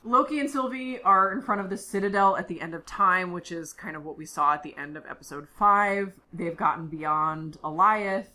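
A woman's voice: fairly low pitch, normal speed, few pauses, bright, forceful tone. A woman co-hosting a podcast, chatting casually as she recaps an episode with lots of fillers. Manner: chatty, filler-heavy storytelling. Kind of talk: casual chat.

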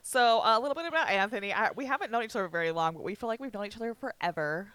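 Bright teasing woman podcast host. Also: fairly high pitch, animated, rapid-fire, smooth, no echo. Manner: giggly, teasing, with frequent fillers. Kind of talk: casual podcast chat.

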